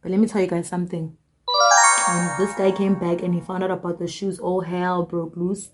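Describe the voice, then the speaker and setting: A young woman tells a storytime tale in a loose, slangy way. Her voice sits a little low, and she jumps into the voices of the people she quotes with plenty of energy. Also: flat delivery, normal speed, loud music behind the voice. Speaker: storytime vlogger. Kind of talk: casual storytelling.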